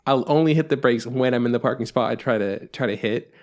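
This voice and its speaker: A man's voice: medium pitch, fast, a little mellow. Casting: easygoing male podcast co-host, playful teasing, loose delivery. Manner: easygoing, mock-outraged teasing, many fillers. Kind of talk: casual chat.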